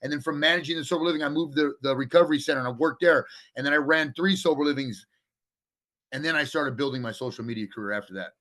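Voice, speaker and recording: Bright, forceful man telling his story. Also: a little high, quick pace. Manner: blunt and profane, with frequent restarts. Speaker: podcast guest. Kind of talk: candid storytelling in a casual interview.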